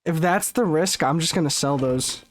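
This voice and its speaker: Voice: mid-range voice, normal speed. A gaming streamer giving let's-play commentary, swearing often and ranting in exasperation.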